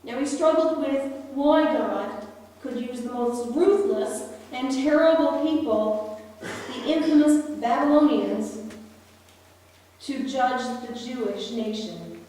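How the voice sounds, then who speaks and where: A woman preaching a sermon slowly and deliberately, with long pauses. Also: high-pitched, dark tone. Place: church hall. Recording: echoey hall, voice from far off.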